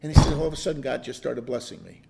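A man's voice: mid-range voice, expressive, racing, vocal fry, darkish tone. An older man leading a Bible study, telling stories in a rambling, chuckling way with many restarts. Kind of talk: conversational Bible teaching.

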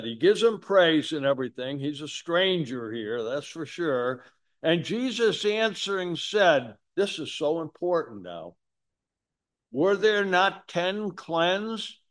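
A man preaching a sermon in a folksy, conversational way, with asides to his congregation. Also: fairly high pitch. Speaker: pastor.

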